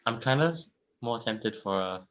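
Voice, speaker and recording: A man's voice: medium pitch, animated, unhurried, fairly bright tone, highs cut off. A man co-hosting a podcast, chiming in with brief, easygoing remarks. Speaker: podcast co-host. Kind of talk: casual podcast chat.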